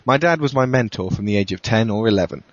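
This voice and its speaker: Low-voiced man narrating a thriller. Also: lively intonation, fast, no room sound. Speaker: podcast host reading a story. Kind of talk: first-person thriller narration. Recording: dull, dry lo-fi recording.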